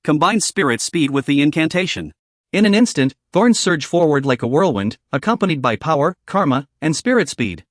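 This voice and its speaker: A man's voice: on the high side, lively intonation, moderate pace, dry recording, clean studio sound. A man narrating a story recap in a scripted, dramatic storytelling voice.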